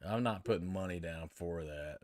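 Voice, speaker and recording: An older man reviewing video games in a casual reaction commentary. He talks bluntly and grumbles in plain words. His voice sits very low. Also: moderate pace, a little mellow, no room sound, studio quality. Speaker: game reviewer host.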